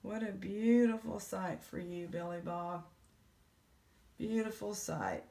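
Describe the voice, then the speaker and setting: A woman, casually chatting in a jewelry vlog, excited and exclaiming in shock. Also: mid-range voice, takes it slowly, gravelly. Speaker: jewelry unboxing vlogger.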